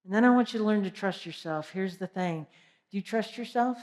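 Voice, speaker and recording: A woman's voice: medium pitch, fairly quick. Woman giving a motivational keynote in a hall. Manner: energetic, direct questions to the audience. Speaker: keynote speaker. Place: large conference hall. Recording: long hall reverb.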